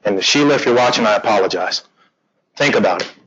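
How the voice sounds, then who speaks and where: A man teaching a real estate class, animated and joking, acting out conversations with clients. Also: lowish voice, fast talker, slightly rough, dull audio. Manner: animated, joking, acts out quotes. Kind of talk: classroom training talk.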